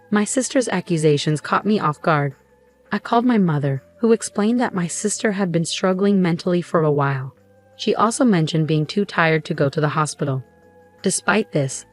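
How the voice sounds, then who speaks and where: A woman narrates a dramatic first-person story in an even, steady voice. Her pitch sits on the low side. Soft music plays faintly behind her.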